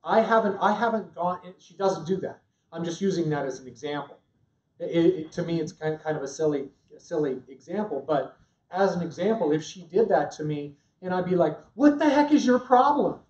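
Halting man teaching in an echoey room. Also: a little high, darkish tone, distant mic, lo-fi sound. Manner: analytical, halting with many restarts. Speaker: marriage class co-teacher. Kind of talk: church class teaching. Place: large church classroom.

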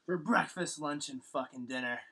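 A woman's voice: sits low, normal speed, fairly bright tone, slightly rough, full character voice. A comic actor playing Tom, an exasperated tall man who reacts with incredulous, swearing indignation. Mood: baffled.

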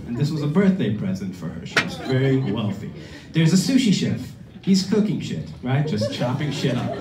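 A man spins a story live on stage, and his voice sits on the higher side for a man. His delivery is loose and animated, full of "right?" and "like". He is heard from a distance in a roomy venue, with an audience loud behind him. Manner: drops into muttered voices when quoting others. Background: audience laughter.

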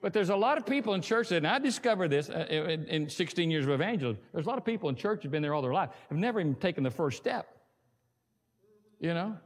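A man with a notably high-pitched voice preaches from the pulpit, pressing his points home with rising emphasis and reading scripture aloud. His voice rings out with a long echo, recorded in a church sanctuary. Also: animated, very fast, hardly any pauses. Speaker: pastor. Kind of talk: sermon.

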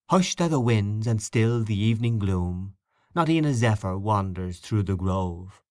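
A man narrating a classic short story in a measured, quietly expressive reading. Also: lowish voice, no room sound, studio quality. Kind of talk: literary audiobook reading.

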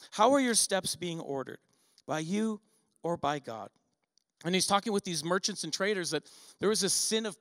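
A man's voice: high-pitched, a bit bright, no echo, long reverb tail. A middle-aged man preaching a sermon, conversational, with rhetorical questions and asides to the congregation. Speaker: pastor. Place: church sanctuary.

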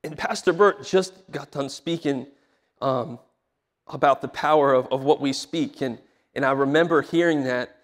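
A man's voice: medium pitch, normal speed. A young adult man preaching a sermon as a pastor, telling personal stories with rising emotion. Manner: emotional storytelling, voice swelling when stirred. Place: church sanctuary. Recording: hall with long reverb.

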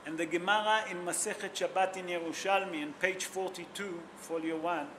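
Man, rabbi preaching, high voice, non-native english, emotional storytelling, faint background hiss. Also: steady tone, moderate pace. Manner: emotional storytelling, asks the audience questions. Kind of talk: sermon.

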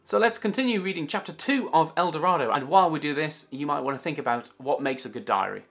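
A man's voice: a little high, lively intonation, fast, creaky, fairly bright tone. A man teaching a writing lesson for children in an upbeat, chatty and playful way.

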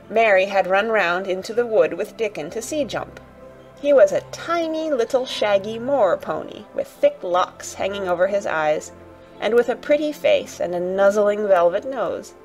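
A woman narrating a children's audiobook in a gentle, even storytelling manner. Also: mid-range voice.

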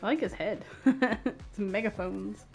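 A woman's voice: medium pitch, vocal fry, mellow. A woman giving casual let's-play commentary, playful and giggly as she chats to herself. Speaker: gaming video creator.

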